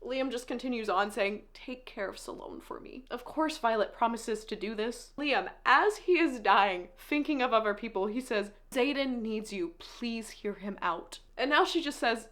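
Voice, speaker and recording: A woman's voice: on the high side, moderate pace, hardly any pauses, a bit bright. A woman casually recapping a novel's plot, emotional and tearful as she tells it. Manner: emotional, tearful retelling with laughs. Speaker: book reviewer recapping a novel.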